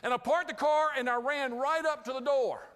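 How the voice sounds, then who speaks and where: A man with a high voice tells a lively, humorous story to a live group. He is giving a customer service training talk. His voice rings out with a long reverb, as in a large hall. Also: moderate pace, clean tone.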